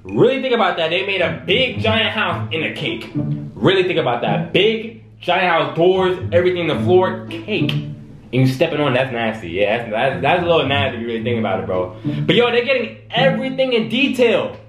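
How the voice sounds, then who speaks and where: A man casually reacting to videos for his viewers, excitable and slangy, often drawn-out in his amazement. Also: a little high. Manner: excitable, slangy, talks to viewers, lots of "bro" and "wow". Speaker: YouTube reaction host. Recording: echoey room with music behind.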